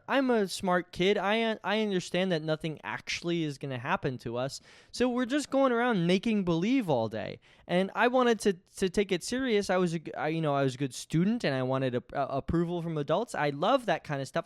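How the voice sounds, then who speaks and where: Rambling, animated man in his twenties. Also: high-pitched, clear, resonant tone, no room sound, studio quality. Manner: rambling, self-interrupting, animated storytelling. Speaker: podcast host. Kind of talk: casual comedic monologue.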